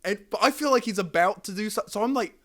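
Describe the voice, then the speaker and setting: Podcast host, man, chatty and rambling, pitched a touch high. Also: quick pace, fairly bright tone. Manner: rambling, repeats words, laughs often. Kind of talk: casual storytelling chat.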